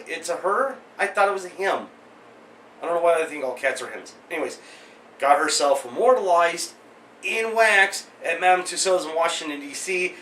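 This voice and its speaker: A man's voice: fairly high pitch, pushed and bright, distant mic, a little hiss or hum. Sarcastic ranting man in an echoey room. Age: 30s. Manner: sarcastic, exasperated, joking asides. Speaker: vlog host. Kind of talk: ranting commentary.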